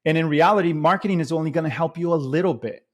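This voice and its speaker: A man's voice: a little high, fast. A man chatting casually as a podcast guest, rambling with lots of fillers and restarts as he tells a story.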